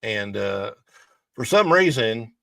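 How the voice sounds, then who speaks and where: A man's voice: on the low side, very animated, slow, creaky, a bit bright, no echo. A chatty man with a St. hosting a livestream, greeting viewers by name and laughing at his own jokes. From St. Louis, Missouri. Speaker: livestream host. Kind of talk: casual chat.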